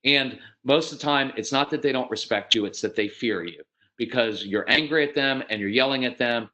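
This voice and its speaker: Fifties guy giving a parenting talk, animated stories, acts out the lines, middle-pitched voice. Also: fairly quick. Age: 50s. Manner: animated storytelling, acts out quotes; repeats words when starting sentences. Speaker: parenting speaker.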